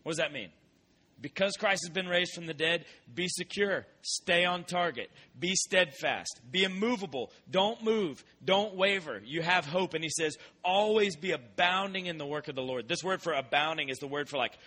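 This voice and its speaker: Animated preacher, bright voice. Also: male voice, fairly high pitch, moderate pace. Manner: animated storytelling, acts out voices. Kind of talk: sermon.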